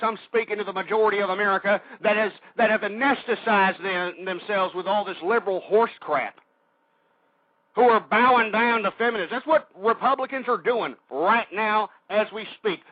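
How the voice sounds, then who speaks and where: A man's voice: high voice, dry recording. A male radio host ranting angrily at his listeners, insulting them and calling them folks. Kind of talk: talk radio rant. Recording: dry, muffled internet radio stream.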